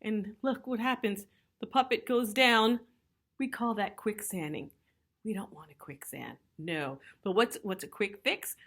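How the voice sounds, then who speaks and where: A woman's voice: mid-range voice, animated, measured pace, a bit bright, breathy edge. Chatty middle-aged woman teaching puppetry. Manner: chatty, checks in with frequent "okay?"; laughs lightly while explaining. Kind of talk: instructional video lesson.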